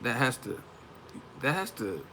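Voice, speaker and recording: A man's voice: medium pitch, big pitch swings, a little slow, pushed and bright, a little hiss or hum. Laughing, profane boxing streamer man. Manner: laughs often, profane, mocking impressions. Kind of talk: casual live-stream rant.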